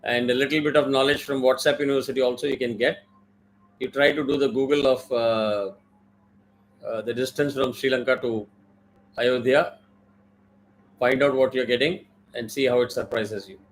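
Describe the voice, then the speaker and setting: A man's voice: medium pitch, steady tone, moderate pace, pauses often, slight background noise, rough recording. A man teaching a mantra in an online class, with careful pronunciation drills and many fillers. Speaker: Vedic chanting teacher.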